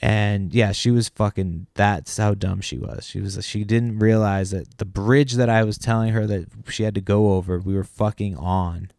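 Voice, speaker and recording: A man with a lowish, smooth voice rambles through a story on his podcast, exasperated and loose with his swearing. The sound is close and dry, with no room around it. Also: fairly even intonation, normal speed, few pauses, darkish tone, no echo. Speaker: podcast host. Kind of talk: casual solo podcast rant.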